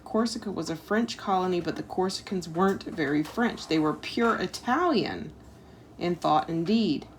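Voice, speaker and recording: There's a little hiss or hum behind this woman's fairly low-pitched voice. She's a homeschooling parent reading a history lesson aloud to her child at home, chatting about it with casual asides and plenty of "like" and "um."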